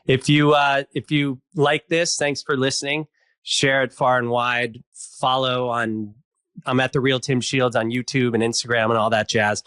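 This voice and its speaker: A man's voice: medium pitch, flat delivery, moderate pace, clean tone, no room sound. A man hosting a podcast, casual and affirming toward his guest, in a dry close sound. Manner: warm, affirming, casual, occasional swearing. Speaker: podcast host. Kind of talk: conversational interview.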